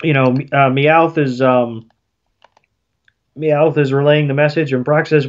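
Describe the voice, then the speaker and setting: A man's voice: fairly high pitch, fairly even intonation, unhurried, long pauses, dull audio. A man co-hosting a podcast, recapping a cartoon episode plot in a rambling, casual way full of fillers. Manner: rambling storyteller with many fillers and restarts. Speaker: podcast co-host.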